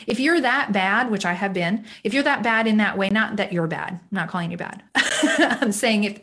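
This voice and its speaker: A middle-aged woman speaks at home in a loose, rambling way, full of fillers and asides. She is candid and a little self-mocking, and she gently urges her listeners on. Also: medium pitch. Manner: chatty and rambling, lots of "like" fillers; candid, self-deprecating, encouraging. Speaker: faith-based self-esteem speaker. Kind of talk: casual talk to camera. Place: home room.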